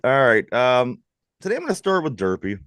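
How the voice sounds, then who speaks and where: A man with a Pittsburgh accent hosting a live sports talk show, lively and jokey, reading trivia questions to his co-hosts. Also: medium pitch, brisk, no echo. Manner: lively, jokey, laughs often. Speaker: host.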